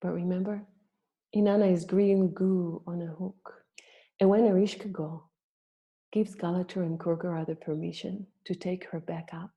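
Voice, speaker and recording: A woman telling a myth in a gentle, reflective storytelling talk to her group. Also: on the low side, steady tone, lo-fi sound. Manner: gentle, reflective, slow-paced. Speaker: birth story practitioner.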